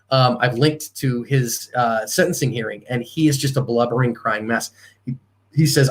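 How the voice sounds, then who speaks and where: Guy running a live self-defense class, punchy, lots of ums and restarts, mid-pitched voice. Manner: emphatic, animated, with fillers and restarts. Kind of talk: live seminar talk.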